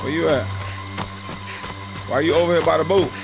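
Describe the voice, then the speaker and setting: A man's voice: a little high, fairly even intonation, moderate pace, creaky, low-quality recording. A man hosting a live gaming stream, ranting and trash-talking his viewers in a profane, casual way over game music. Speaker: gaming livestream host.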